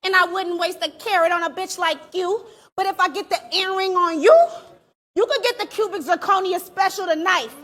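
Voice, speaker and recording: A woman performing a live battle rap, taunting her opponent with aggressive, shouted punchlines. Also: extremely high pitch. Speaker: battle rapper. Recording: live event with crowd behind.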